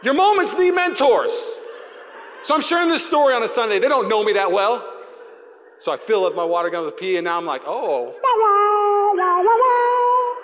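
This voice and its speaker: Before his congregation in a church sanctuary, a man in his thirties gives a live sermon as pastor, acting out playful sound effects in comic stories. His voice sits high and a bit bright, lively and a little fast. The hall reverberates, with slight background noise.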